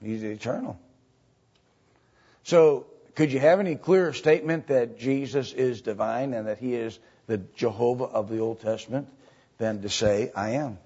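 A man teaching a Bible study lecture, halting with fillers and often checking in with "right?" and "okay?". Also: mid-range voice, dark tone, breathy edge. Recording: dull lo-fi recording.

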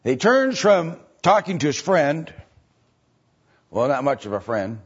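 Male preacher, husky, slow and halting, plain Bible explainer, dull lo-fi recording. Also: a little high, very animated. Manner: halting, explains step by step, many filler sounds. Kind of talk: sermon.

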